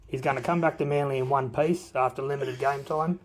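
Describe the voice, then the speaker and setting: A man's voice: medium pitch, fairly even intonation, brisk, background noise. A man in a recorded voice message to a podcast, cheekily roasting the hosts. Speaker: listener sending a voice message.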